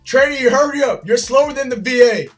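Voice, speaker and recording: A man doing a yelling drill sergeant. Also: sits high, measured pace, recorded from a distance, faint music behind. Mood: barking. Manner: barking insults, loud and clipped. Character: yelling male army drill sergeant, impatient.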